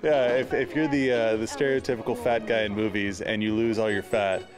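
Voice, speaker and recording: A man's voice: lowish voice, steady tone, brisk, music in the background. A young man who plays football, chatting casually in an opinionated, joking way about a movie. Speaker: football player co-host. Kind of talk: casual chat.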